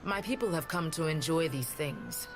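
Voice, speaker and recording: This is a weathered island elder, calm and measured, who weighs every word gravely. Her speech stays level and unhurried, and game music plays clearly underneath. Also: low-pitched. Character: calm, weathered older woman tribal leader. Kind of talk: game voice acting.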